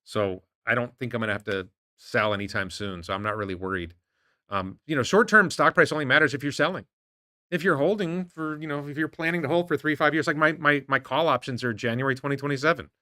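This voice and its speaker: A man's voice: medium pitch, fast, pushed and bright, dry recording, clean studio sound. A man hosting an investing livestream, giving opinionated, rambling commentary and firing off incredulous rhetorical questions while answering chat. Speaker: host of investing show. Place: home in Thailand.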